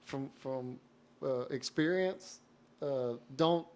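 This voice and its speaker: A man's voice: medium pitch, slow, darkish tone. A man co-hosting a casual podcast who laughs along and closes the episode. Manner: laughs along, brief backchannel replies. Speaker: podcast co-host. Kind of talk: casual chat.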